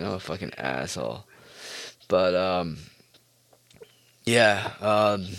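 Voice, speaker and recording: A man's voice: lowish voice, dry recording. A man hosting a solo podcast in a casual, rambling monologue, swearing often and mocking people. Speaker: podcast host.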